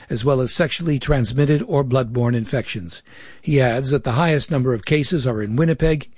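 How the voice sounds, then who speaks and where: A man filing a radio news report in a measured, even delivery. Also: medium pitch, breathy edge, dry recording.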